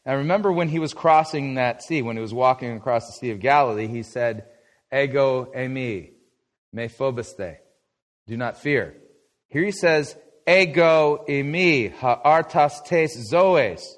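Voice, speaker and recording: A man's voice: medium pitch, moderate pace. A middle-aged man preaching a conversational Bible lesson, asking his listeners questions and answering them himself. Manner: lively, conversational, asks the audience questions. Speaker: pastor teaching a Bible study. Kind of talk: sermon lesson.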